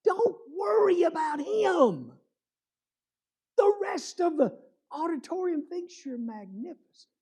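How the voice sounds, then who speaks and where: A man voicing a male friend of a musician, pitched high and insistent, full of disbelief. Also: sing-song, slow, mellow, heavily acted. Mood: urging.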